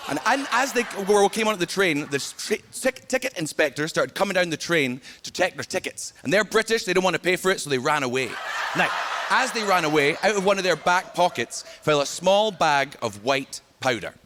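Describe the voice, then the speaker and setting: A young Scottish man doing a stand-up comedy set on a big theater stage, telling stories loudly and often laughing along. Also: high-pitched, expressive, fairly quick, noisy background. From Scotland. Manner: loud, punchy storytelling, often laughing along. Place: large theater stage before a live audience. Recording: broadcast stage mic, loud crowd laughter.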